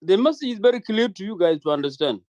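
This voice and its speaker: A man with a high voice talks fast and insistently in a heated online debate, repeating his warnings again and again. The sound is dry and close, with no room around it. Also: lively intonation, a little mellow, no room sound, muffled recording. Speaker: discussion participant.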